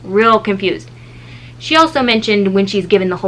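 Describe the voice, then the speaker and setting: A woman in her thirties, a mother and vlogger, telling a story in a casual, animated way and acting out the people in it. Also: fairly quick, a little hiss or hum, rough recording. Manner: animated, acts out quoted people with shifting pitch.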